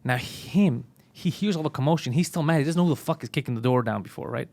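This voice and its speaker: Fast-talking profane male storyteller. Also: mid-range voice, creaky, a little mellow. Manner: rapid, profane, acts out the people in his stories. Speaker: podcast co-host. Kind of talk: casual comedic storytelling.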